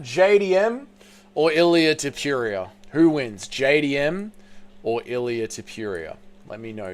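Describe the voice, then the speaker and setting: Animated Australian man hosting a live stream. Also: on the high side, smooth. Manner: animated, reads and answers viewer chat, swears casually. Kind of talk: casual live-stream chat.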